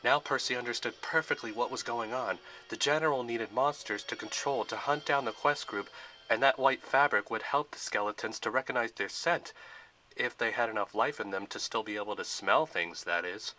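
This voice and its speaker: A man reads out a fan-made adventure film in a plain storytelling style. His voice is bright and sharp. His pitch sits in an ordinary middle range. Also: moderate pace. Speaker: narrator.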